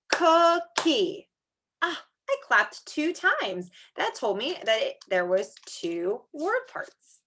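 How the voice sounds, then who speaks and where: Bright, lively pre-K teacher woman. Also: a little high. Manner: animated, sing-song teacher voice, slow for clapping words. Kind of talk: online pre-K lesson.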